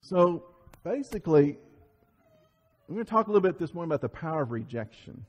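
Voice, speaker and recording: Animated preacher, husky voice, long reverb. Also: male voice, fairly high pitch, fairly quick. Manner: animated storytelling, acts out quoted voices, many restarts. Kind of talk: sermon. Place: church sanctuary. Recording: church sermon audio with long reverb.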